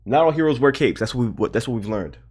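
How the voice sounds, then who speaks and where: A man's voice: medium pitch, animated, quick pace, darkish tone, breathy edge. Heated man ranting on a livestream. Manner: repetitive, heated, swearing, laughing. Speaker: livestream host. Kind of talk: casual livestream rant.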